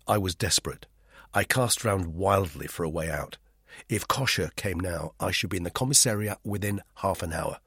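Deep-voiced man narrating a thriller. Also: moderate pace, fairly bright tone, slightly rough, no echo, clean studio sound. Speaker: audiobook narrator. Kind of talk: first-person novel narration.

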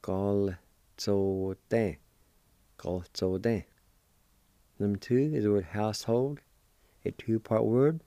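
A man hosting a language lesson, spelling words letter by letter and pronouncing them slowly and deliberately. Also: on the low side, creaky, dark tone, dry recording. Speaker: host teaching Cherokee words.

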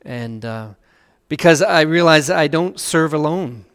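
A male pastor preaching with an earnest, rising-and-falling delivery, leaning into key phrases and then going hushed. His voice sits high and sounds smooth and clear. The sound carries a long reverberant tail from a large church hall. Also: animated, a little slow. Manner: earnest, swells louder on key phrases and drops to a hush on scripture. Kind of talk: sermon.

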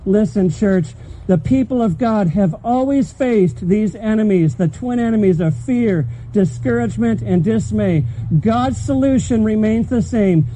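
A man's voice: high-pitched, a little slow, mellow, slight background noise, low-quality recording. A man pastor preaching a sermon at a church service, telling stories and driving his points home with emphasis.

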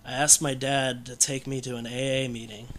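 A man's voice: mid-range voice, level tone, normal speed, a bit bright, a little hiss or hum. A man telling his own story in casual conversation, candid and rambling, with many fillers and restarts.

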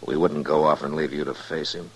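An actor playing a steady frontier marshal who speaks calmly and with quiet authority, in 1950s radio drama style. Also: male voice, a little fast, breathy edge, full character voice. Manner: calm, low-key, commanding.

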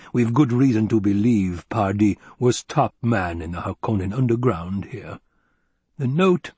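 A loyal old security chief who weighs every word, as a male reader voices him. His husky voice moves slowly and deliberately. The sound is dry and close to the mic. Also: fairly low pitch, a little mellow, no room sound, heavily acted. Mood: grave. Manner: measured, cautious, deliberate. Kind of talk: audiobook reading.

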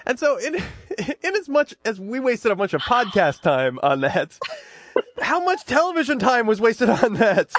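A man co-hosting a podcast in casual chat, joking and animated. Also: very high-pitched, measured pace, dry recording. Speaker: podcast co-host.

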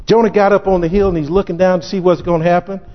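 A man preaching a sermon as pastor, emphatic and sometimes shouting, acting out scripture in character voices. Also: sits high, steady tone, fast. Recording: dull lo-fi recording in echoey hall.

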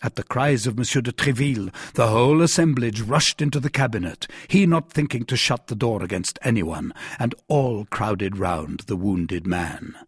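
A man narrating a classic novel in an expressive, theatrical audiobook reading. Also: medium pitch, moderate pace, few pauses, husky, no echo, clean studio sound. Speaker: audiobook reader.

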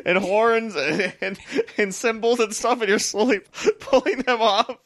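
A man hosting a comedy podcast, giggly and unhurried, slipping into hammy recitations. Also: high-pitched, lively intonation, a bit bright, dry recording, clean studio sound. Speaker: podcast host. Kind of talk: casual comedic chat.

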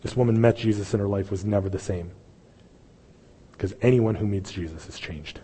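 Male pastor, impassioned sermon delivery, husky, long hall echo. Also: lowish voice, moderate pace. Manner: impassioned, swings from loud pleading to hushed. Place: church sanctuary.

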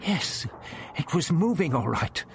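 A man's voice: fairly high pitch, sing-song, a little slow, gravelly, slight background noise. A man reading an adventure story aloud in a dramatic storytelling manner. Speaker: audiobook narrator. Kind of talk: expressive audiobook reading.

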